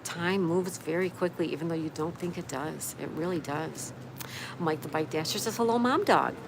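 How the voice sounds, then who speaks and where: A woman's voice: low voice, normal speed, creaky, background noise. A woman hosting a casual live stream from her patio, cheerfully greeting viewers and reading their comments aloud. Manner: upbeat, reads out viewer comments. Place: outdoor patio by a canal.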